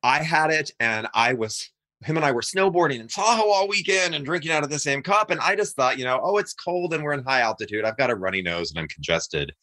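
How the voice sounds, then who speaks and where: A man's voice: mid-range voice, brisk. A man, a guest on a casual video-call chat, telling stories with lots of laughter. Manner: animated storyteller, laughing often.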